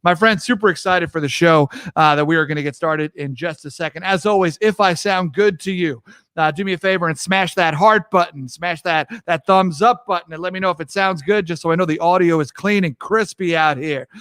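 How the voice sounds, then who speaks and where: A young man hosting a livestream talk show from his home mic, energetic and hypey, greeting viewers by name and riffing casually. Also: a little high, fairly quick, smooth, no room sound, studio quality. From New York. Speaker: host.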